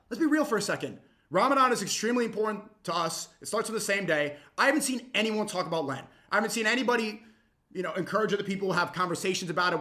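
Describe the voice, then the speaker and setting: A young man reacting to a clip with heated, mocking commentary that swings suddenly loud. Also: high voice.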